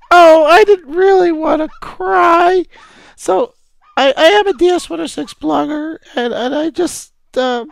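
A man playing an overwrought blogger who gushes and cries, his voice pitched up. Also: creaky, no echo, exaggerated voice. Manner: gushing, breathless confessions. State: crying. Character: overwrought gushing blogger, sobbing with love. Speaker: vlogger. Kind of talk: parody response video.

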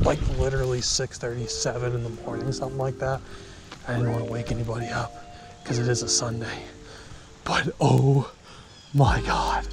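A man filming a fishing vlog outdoors by a small pond, talking excitedly and repeating his exclamations as he lands a fish. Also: medium pitch. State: shaky with excitement. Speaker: fishing vlogger.

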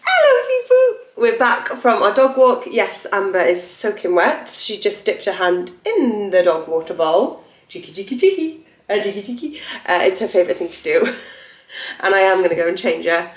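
A woman's voice: mid-range voice, moderate pace. A young woman vlogging casually at home, a mother who chats away and fills her talk with "like" and "literally". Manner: chatty, says "like" and "literally" constantly. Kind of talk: casual home vlog chat. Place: home interior. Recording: echoey room with faint noise.

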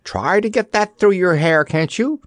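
A man's voice: sits high, lively intonation, unhurried, no echo, studio quality, voice pushed up. A man voicing a complacent male stunt dummy who talks in a breezy, wheezing, self-satisfied way. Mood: brusque.

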